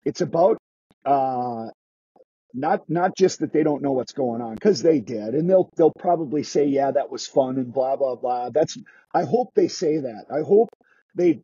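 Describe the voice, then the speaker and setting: A man's voice: on the high side, mellow, husky, no room sound. Man, skating instructor, casual interview talk, dry and dull lo-fi sound. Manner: chatty, restarts sentences, acts out quoted kids.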